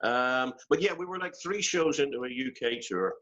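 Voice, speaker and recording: A man's voice: mid-range voice, lively intonation, normal speed, a bit bright. An older man with a Northern Irish accent, rambling and self-deprecating as he chats and laughs in a video-call interview. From Northern Ireland. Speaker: guest musician. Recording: dull lo-fi call audio.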